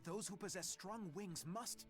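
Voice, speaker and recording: An actor playing a cold, unmoved older villain in a video game, speaking in a measured way. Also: male voice, high voice, over loud music. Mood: coldly calm. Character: cold, calm older male villain lord.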